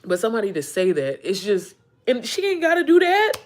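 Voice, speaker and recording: Emotionele, rommelige vrouw die livestreamt. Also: female voice, a little high, wildly swooping pitch, a little fast. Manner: emotional, rambling, swears freely. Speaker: livestream host. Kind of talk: casual livestream chat.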